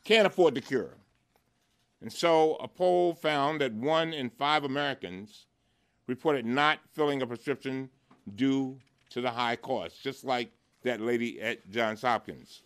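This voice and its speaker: A man speaks at a press conference as a lawmaker, pressing his case with fervor and repeated phrases. His voice is smooth and resonant, set at an ordinary middle pitch. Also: measured pace. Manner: impassioned, rhetorical repetition. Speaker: congressman.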